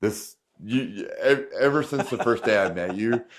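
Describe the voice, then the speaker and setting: A man hosting a casual podcast interview, giving brief affirmations and warm thanks to his guest. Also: lowish voice, moderate pace. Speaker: podcast host.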